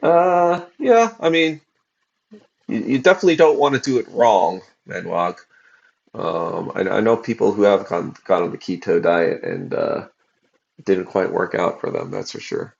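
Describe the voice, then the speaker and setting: A man in his forties, a podcast host, rambling casually on a livestream with lots of profanity and fillers, tired from fasting. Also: deep voice, animated, creaky, dull audio. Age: 40s.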